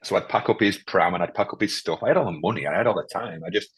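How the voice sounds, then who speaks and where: Male guest, deep husky voice, quick and halting, emotional and candid. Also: no room sound. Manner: halting, emotional, many restarts. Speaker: podcast guest, firefighter. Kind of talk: candid interview conversation.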